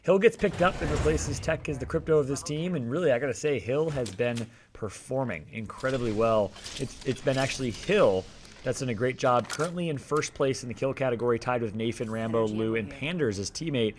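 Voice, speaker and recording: A man doing live esports play-by-play commentary, energetic and joking, with rambling asides. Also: mid-range voice, a little fast, slight background noise. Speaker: esports caster.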